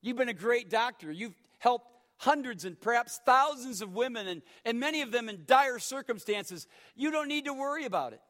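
A man voicing a smooth middle-aged male pastor who reassures quickly and breezily. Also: very high voice, expressive, a bit bright, pitched above the performer's own voice. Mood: reassuring.

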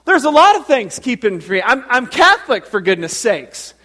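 A man preaching a sermon voices a blunt, excitable Italian Catholic woman in a loud, emphatic way. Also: a little high, moderate pace, pitched above the performer's own voice. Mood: exasperated. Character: brassy middle-aged Italian Catholic woman, blunt and eager.

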